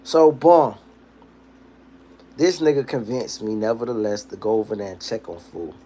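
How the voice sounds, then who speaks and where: A young man hosting a livestream casually tells a long, profane story in an animated street-storytelling style, acting out the people and their quotes. His voice is lowish at a moderate pace, with a little hiss or hum in the recording.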